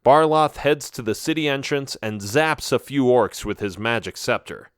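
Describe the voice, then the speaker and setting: A man's voice: medium pitch, normal speed, clear, resonant tone, no echo. Dramatic male storybook narrator, dry sound. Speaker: audiobook narrator.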